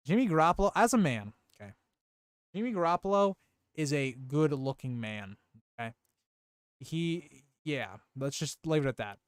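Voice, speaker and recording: A young man casually reviewing a TV episode on a live stream, animated and exclamatory, peppering his talk with "like" and "dude". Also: a little high, moderate pace, clear, resonant tone, no echo, clean studio sound.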